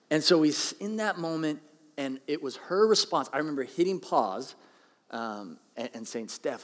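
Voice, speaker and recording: A man's voice: mid-range voice, in a large hall. A man in his thirties, a pastor, preaching a conversational, self-deprecating sermon and acting out quotes.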